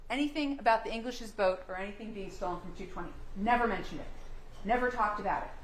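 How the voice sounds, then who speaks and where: A woman prosecutor delivering a closing argument, pressing the jury with emphatic rhetorical questions. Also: on the high side. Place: courtroom. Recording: echoey courtroom with faint hum.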